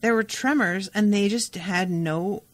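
A woman co-hosting a podcast in casual chat, animated and blunt, with quick asides. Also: medium pitch, no room sound. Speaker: podcast co-host.

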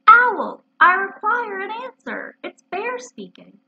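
A woman voicing a humble, simple-minded male toy bear in a storybook reading, speaking slowly and earnestly, on a dull lo-fi recording. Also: sits high, very animated. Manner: slow, earnest and wistful.

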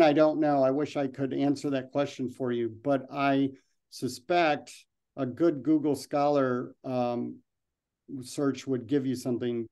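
A man's voice: medium pitch, mellow. A man giving a slide presentation and then answering questions, talking loosely with frequent ums and restarts.

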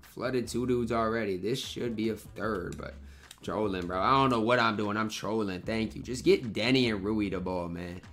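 A young man comments live on his own basketball video game match, using slang and sounding frustrated as he trash-talks his teammates and opponent. His voice is lowish and a bit bright, at a normal speed, with faint music behind him. He's a gaming YouTuber.

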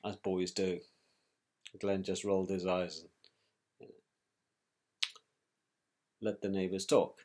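A man's voice: deep voice, little pitch movement, slow, pauses often, darkish tone. A man recounting events about his brother, in a scornful, colloquial storytelling manner. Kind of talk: personal storytelling.

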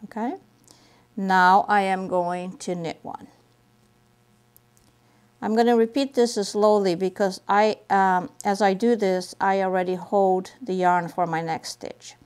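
Knitting instructor, woman, unhurried delivery, patient and repetitive, walking viewers through each step. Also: mid-range voice, fairly even intonation, darkish tone, clean tone. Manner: patient, repeats steps slowly while demonstrating. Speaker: knitting teacher. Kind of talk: step-by-step craft tutorial.

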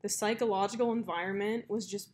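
A young woman co-hosting a casual podcast, spinning long stories full of "like" and "um". Her voice sits at a middle pitch and she talks in a loose, conversational way. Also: fairly even intonation, fast, a little hiss or hum. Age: young adult. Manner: chatty storyteller, many fillers and likes. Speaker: podcast co-host. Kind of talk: casual chat.

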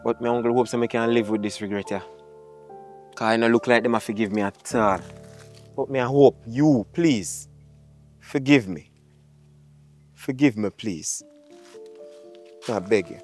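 A man's voice: medium pitch, measured pace, long pauses, a little mellow, lightly acted. A man with a Jamaican accent playing a remorseful grown son who pleads with his mother for forgiveness in a drama monologue, over music. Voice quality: Jamaican patois phrasing, pleading.

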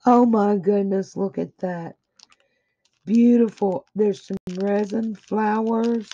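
A woman's voice: mid-range voice, fairly even intonation, takes it slowly, warm tone. A woman crafter in a casual unboxing chat, gushing with effusive praise while her throat is a little dry. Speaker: craft vlogger opening happy mail. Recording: dull lo-fi audio.

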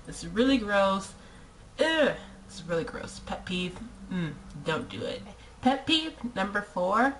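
A young woman vlogging casually to camera in an animated, exasperated way. She fills her sentences with "like" and fires off rhetorical questions, in a voice of medium pitch. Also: measured pace, slight background noise, rough recording. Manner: frequent "like" fillers.

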